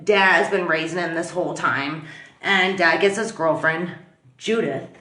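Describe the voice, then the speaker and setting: A woman's voice: on the low side, a little slow, bright, forceful tone. A woman casually telling a true-crime story in a chatty, blunt way, swearing freely. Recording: roomy echo.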